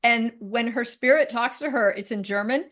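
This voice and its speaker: A woman being interviewed as a spiritual teacher, talking in a chatty, animated way and laughing often. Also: fairly high pitch, normal speed. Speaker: guest, medical intuitive and spiritual teacher. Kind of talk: conversational interview.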